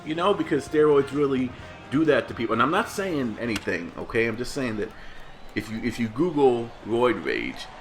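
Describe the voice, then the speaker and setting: A man's voice: medium pitch, big pitch swings, normal speed, soft background music. A man ranting in a casual vlog commentary, rambling and heated, with many restarts. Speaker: gaming vlogger.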